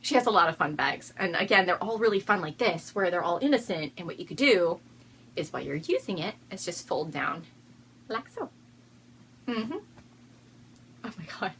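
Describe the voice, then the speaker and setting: Bubbly woman host, giggly, lively up-and-down voice, faint room noise. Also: on the low side, moderate pace, pauses often. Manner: giggly, bubbly, prone to fits of laughter. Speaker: podcast host. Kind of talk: casual chatty video podcast.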